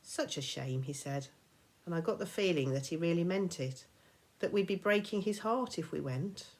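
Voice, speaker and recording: A woman teacher reading a children's novel aloud, expressive and dramatic, sometimes dropping to a whisper. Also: lowish voice, moderate pace. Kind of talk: storybook read-aloud.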